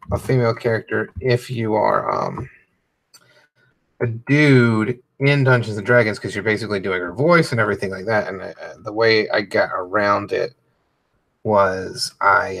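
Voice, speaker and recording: Low gravelly man chatting casually. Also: moderate pace, a bit bright. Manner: loose and profane, heavy with fillers. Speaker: comedian streaming while coloring. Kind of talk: casual rambling chat.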